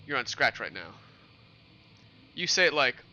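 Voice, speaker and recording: Pausing often and talking a little slowly, he has a medium-pitched, sing-song delivery that sounds pushed and bright. He's a young New Yorker streaming a game, chatting casually with viewers, rambling and taking their questions. The audio is dull.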